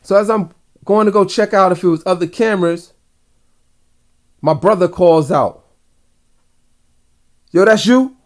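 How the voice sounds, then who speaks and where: An adult father tells the story of a dream, rambling and slangy, addressing his viewers directly at a normal speed with frequent pauses. His voice is slightly higher than most men's. It feels like an unscripted, personal, casual vlog.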